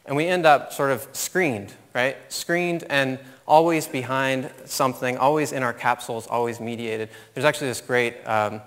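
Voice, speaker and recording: Bright-voiced man telling a story in a hall. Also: medium pitch. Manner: animated storyteller, laughs at his own story. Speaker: conference speaker. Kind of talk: storytelling keynote talk. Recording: long hall reverb.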